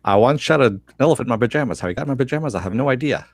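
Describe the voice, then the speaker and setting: A man's voice: mid-range voice, expressive, very fast, dry recording, clean studio sound. A man doing a wisecracking vaudeville comic. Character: wisecracking old-time male comedian impression.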